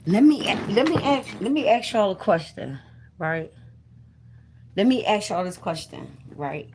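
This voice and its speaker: A woman's voice: mid-range voice, expressive, measured pace, a little mellow, a little hiss or hum. A woman chatting casually to her viewers on a live stream, repeating herself and swearing freely. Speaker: vlogger on a livestream.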